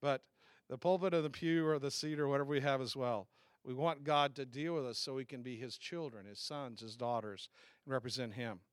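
A man's voice: medium pitch, brisk, no echo, studio quality. A man from the South, preaching a sermon in a conversational way, asking the congregation questions and restarting his sentences. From American South. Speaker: pastor.

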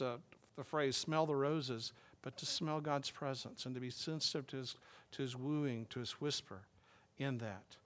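A man's voice: medium pitch, fairly bright tone. A man preaching a sermon in a loose, conversational way, full of fillers and restarts. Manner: conversational, rambling, with frequent fillers. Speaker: pastor.

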